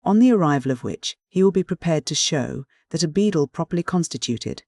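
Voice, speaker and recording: A man narrating a classic novel in a formal, measured reading style, close to the microphone. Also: fairly high pitch, expressive, creaky, darkish tone, no room sound. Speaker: audiobook narrator. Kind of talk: scripted narration.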